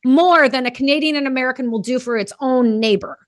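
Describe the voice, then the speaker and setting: A blunt, fired-up woman hosting a podcast, with a fairly high voice. She talks emphatically, swearing casually. The sound is close and dry, with no room echo. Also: brisk. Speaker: podcast host. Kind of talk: casual interview chat.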